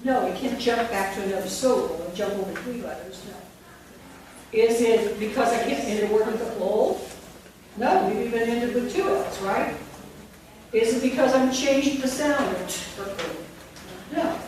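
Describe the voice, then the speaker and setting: A woman's voice: on the high side, normal speed, a little mellow. Woman teacher trainer in an echoey room. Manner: demonstrative, models a classroom teacher with the adults. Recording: echoey room from far off with noise.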